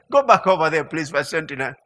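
A man preaching a sermon in an animated way, stammering through restarts and building to emphatic peaks. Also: fairly high pitch, a little fast. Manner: animated, mimics mock prayer sounds and laughs. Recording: long hall reverb.

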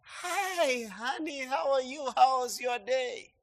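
A man quoting a soft pleading wife. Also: high-pitched, lively intonation, slow pace, voice pushed up, full character voice. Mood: affectionate. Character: gentle apologetic wife, affectionate.

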